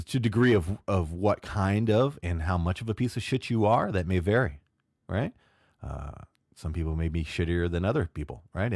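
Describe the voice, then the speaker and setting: A man with a very low voice rambles through his podcast sign-off, loose and unscripted, dotting his talk with fillers and tag questions and swearing now and then. The recording is close and dry, with no room sound at all. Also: dry recording. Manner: loose, rambling, frequent "uh" and "right?", swears casually. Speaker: podcast host. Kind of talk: rambling solo podcast outro.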